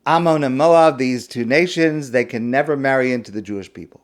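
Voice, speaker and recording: A man voicing God, calm and firm. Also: mid-range voice, natural voice. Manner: quiet, firm, measured.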